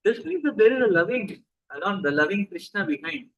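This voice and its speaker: Here a man's high voice moves in a sing-song way at a fairly quick pace, on a recording with the highs cut off. A spiritual teacher with an Indian accent, he preaches conversationally to a live audience, often questioning them and slipping into Hindi.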